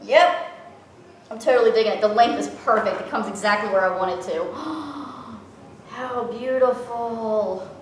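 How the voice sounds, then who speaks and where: A woman's voice: mid-range voice, fast, slight background noise. Gushing woman, echoey distant recording. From Louisiana, US. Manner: gushing, gasping, breathless excitement. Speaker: vlogger. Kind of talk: excited unboxing chat.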